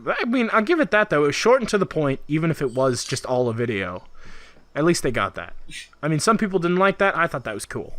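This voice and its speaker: A man's voice: mid-range voice, fairly bright tone, dry recording. A man co-hosting a casual video game podcast, rambling with lots of laughs and filler words. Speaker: podcast co-host. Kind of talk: casual chat about video games.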